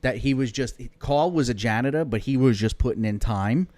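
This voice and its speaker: A man's voice: medium pitch, normal speed, darkish tone, dry recording. A man with a mid-range voice hosts a casual podcast, chatting in a loose, agreeable way. He backs up his guest and then slides into stories of his own. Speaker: podcast host. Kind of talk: casual conversation.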